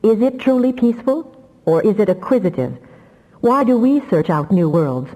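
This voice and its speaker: A woman's voice: medium pitch, lively intonation, moderate pace, mellow, big-room sound, voice pushed up, lightly acted, poor audio. A woman voicing a grim, implacable male telepath mind, insistent and urgent.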